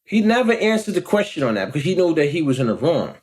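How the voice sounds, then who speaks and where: A man, telling a story in a casual, animated vlog rant and often checking in with the listener. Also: fairly high pitch, fast talker. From Long Island, New York. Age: 40s. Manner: animated, acts out quoted voices, frequent "you know what I'm saying". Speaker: vlogger.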